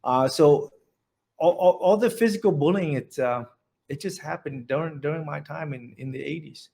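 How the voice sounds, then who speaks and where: A man in his forties from central Vietnam with a Vietnamese accent, telling his story in an oral history interview, halting and restarting often. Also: a little high, creaky, mellow. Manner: halting, many restarts and repeated words.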